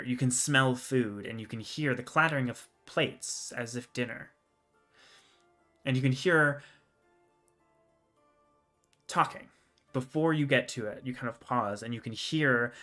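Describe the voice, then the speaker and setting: A male dungeon master describes scenes in a measured, descriptive way, pausing on fillers. His voice sits at a middling pitch, with faint music beneath. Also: sharp tone. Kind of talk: narrating a tabletop game.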